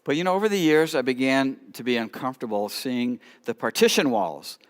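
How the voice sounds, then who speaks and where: Man, middle-aged, sermon storytelling, lively delivery, quiet asides. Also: mid-range voice, brisk. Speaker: rabbi preaching at church.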